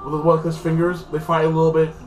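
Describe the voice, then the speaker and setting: A man talks fast in a fairly high, monotone voice, recapping a TV episode casually and rambling as a show reviewer. Fillers like "like this" and "freaking" keep coming back. There's echo in the room, faint music, and the mic sounds far off.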